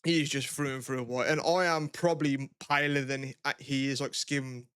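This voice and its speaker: A young man chats loosely on a podcast, drifting between thoughts and swearing freely. His voice is smooth and clear, recorded dry and close with no room around it. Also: medium pitch, little pitch movement, normal speed, fairly bright tone, dry recording. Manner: laid-back, swearing, rambling with lots of "like". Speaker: podcast co-host. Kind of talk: casual chat.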